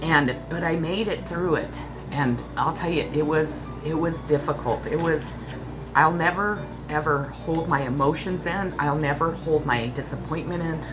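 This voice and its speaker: A woman's voice: sits low, normal speed, rough recording. A woman in her forties talking to her subscribers in an emotional, rambling personal vlog, often repeating herself. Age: 40s. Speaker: spiritual channel host.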